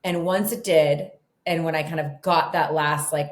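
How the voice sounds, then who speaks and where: A middle-aged woman, a guest author, telling her story in a casual interview, chatty and animated with lots of "like" and "you know". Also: sits low, normal speed, few pauses. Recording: echoey room.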